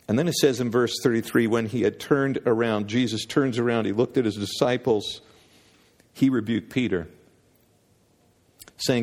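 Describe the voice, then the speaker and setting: A man's voice: medium pitch, animated, normal speed, a little mellow. Earnest preaching man in a reverberant hall. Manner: earnest, repeats words while building a point. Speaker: pastor. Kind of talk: sermon.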